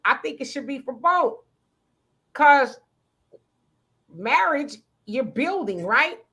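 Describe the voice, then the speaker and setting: A high-pitched woman hosting a casual talk show, speaking. She is animated and talkative, laughs often and acts out the voices of the people she quotes. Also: slow pace. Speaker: show host. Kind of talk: casual commentary.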